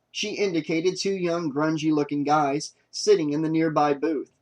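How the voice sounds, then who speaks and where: A man narrating a horror novel audiobook in a steady, even storytelling manner. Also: on the high side, moderate pace, few pauses.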